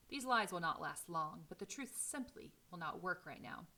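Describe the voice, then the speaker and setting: Bright-voiced woman reading a novel aloud. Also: lowish voice, lively intonation, normal speed, hardly any pauses. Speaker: teacher.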